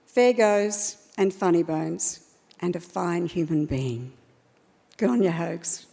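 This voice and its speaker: A woman presenting a scripted tribute at an awards ceremony in a measured manner. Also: fairly low pitch, vocal fry, warm tone, slight background noise. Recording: stage speech in a reverberant hall.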